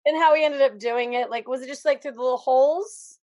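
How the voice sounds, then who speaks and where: A woman's voice: high-pitched, steady tone, fast, darkish tone, muffled recording. A woman co-hosting a casual chat, talking in a playful, joking way.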